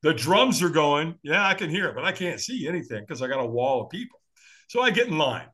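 On the high side, slightly rough, and a bit fast, an American man who teaches firewalking shares a story on a podcast, acting out other people's voices and chuckling a lot.

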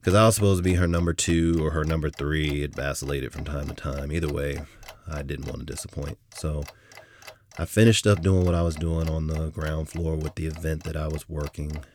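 A man's voice: very deep voice, fairly even intonation, fairly quick, a little mellow, slight background noise. A middle-aged man hosting a podcast, telling a personal story in a reflective, candid way with frequent restarts. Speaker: podcast host. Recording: music bed playing underneath.

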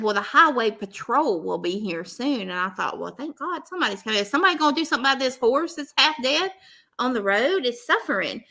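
A woman, telling a story in casual chat and acting out both sides of the dialogue. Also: on the high side. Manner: animated, laughing, acts out both sides of dialogue.

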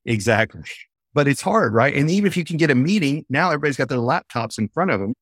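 Male podcast guest, eager storyteller, middle pitch, dry sound, video call. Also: fast, dry recording. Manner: animated storyteller, eager and explanatory. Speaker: podcast guest, face-reading trainer. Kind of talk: casual interview chat. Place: home office with a bookshelf.

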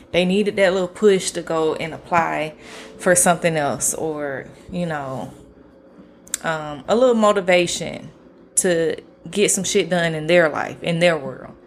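A woman hosting a podcast solo, talking in a relaxed, slangy way with a flat, monotone delivery and casual swearing. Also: lowish voice, a little hiss or hum. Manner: self-described monotone delivery. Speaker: podcast host.

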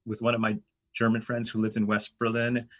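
A man's voice: fairly low pitch, a little fast. A middle-aged American man telling travel stories in casual, rambling conversation, full of fillers and restarts. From United States. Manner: rambling, animated anecdotes with many fillers. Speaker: guest.

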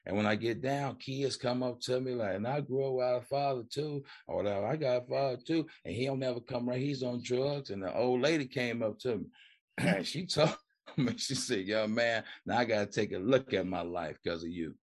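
A man's voice: mid-range voice, fairly quick. A middle-aged man, a recovery coach, telling his story in a casual interview, colloquial, acting out the voices he quotes. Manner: colloquial, repeats "man" and "you know". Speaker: recovery coach and podcast guest.

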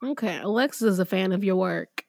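A woman's voice: mid-range voice, brisk, gravelly, darkish tone, dry recording. A woman co-hosting a podcast, chatting about a movie with dry, wry remarks. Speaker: podcast co-host. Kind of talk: casual chat.

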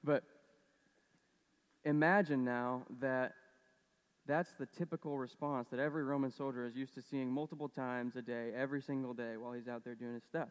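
A man's voice: mid-range voice, steady tone, moderate pace, clear, resonant tone, long reverb tail. A man preaching a casual sermon, conversational and storytelling, with lots of fillers. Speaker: pastor.

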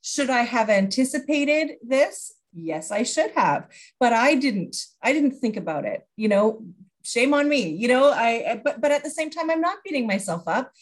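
A woman from Canada, a guest expert on a podcast, telling stories in an animated way and acting out dialogue. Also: fairly high pitch, normal speed. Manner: animated storyteller who acts out dialogue. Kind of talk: conversational podcast interview.

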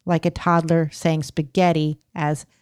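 Giggly woman podcast co-host, low-ish voice. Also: level tone, a little slow, a little mellow, smooth, no room sound, studio quality. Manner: giggly, self-deprecating. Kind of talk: casual chat.

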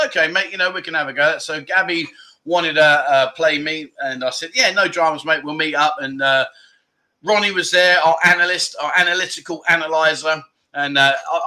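Male livestream host, bright and slightly high voice, loose chatty banter with frequent laughter. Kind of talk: casual livestream chat.

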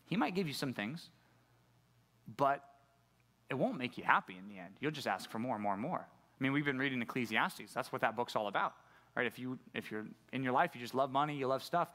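A middle-aged pastor giving a conversational sermon, often putting questions to the congregation. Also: male voice, medium pitch, bright, forceful tone. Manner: conversational preaching, asks the audience questions.

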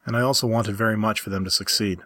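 A man with a low, husky voice reads a story aloud in a calm, measured way. The recording is dry and close, with no room sound. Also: no echo. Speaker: story reader.

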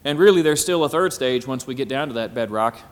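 A man preaching a sermon at a symposium, often pausing on "Amen" and building to emphatic, climbing phrases. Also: medium pitch, animated. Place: hall at a symposium. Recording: echoey hall.

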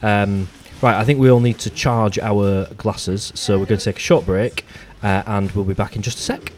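Low-voiced man hosting a chat. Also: fairly even intonation, noisy background. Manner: easygoing, dry humour, halting restarts. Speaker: podcast host. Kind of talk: casual chat.

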